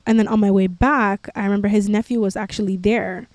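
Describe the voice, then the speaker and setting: A woman's voice: medium pitch, fairly even intonation, a little fast, a little mellow, no room sound. Candid young woman telling a personal story. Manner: candid, filler-heavy with frequent "like". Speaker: podcast host.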